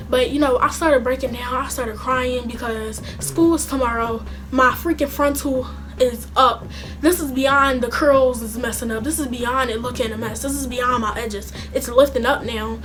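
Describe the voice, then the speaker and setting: A young woman telling a casual storytime vlog, animated and slangy, with some swearing. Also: a little high, moderate pace, music in the background. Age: young adult. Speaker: vlogger.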